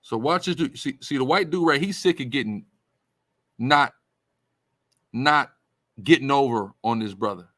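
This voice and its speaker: A man's voice: mid-range voice, measured pace, pauses often, fairly bright tone, no echo. A man talks like a preacher, leaning hard on his points and repeating them for weight. His voice sits dry and close to the mic with no room sound. He stays loose and conversational while he teaches. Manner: emphatic, repetitive, conversational. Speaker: religious teacher. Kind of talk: preaching-style commentary.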